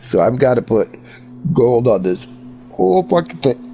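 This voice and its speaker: A man's voice: medium pitch, big pitch swings, normal speed, vocal fry, warm tone, lo-fi sound. A man chatting casually while he paints, cracking crude jokes and swearing freely. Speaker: hobbyist painting miniatures. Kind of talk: casual chat while working.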